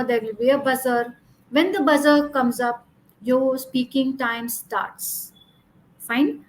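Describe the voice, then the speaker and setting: A woman exam coach with a high voice teaches a lesson over slides, recorded with poor audio. She speaks instructively, repeats her points, and uses "you know" as a filler.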